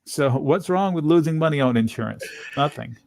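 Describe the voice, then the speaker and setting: A man's voice: fairly high pitch, expressive, brisk, vocal fry, a little mellow. A man hosting a live options trading webinar, chatting casually and thinking aloud as he goes through charts. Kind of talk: live market commentary.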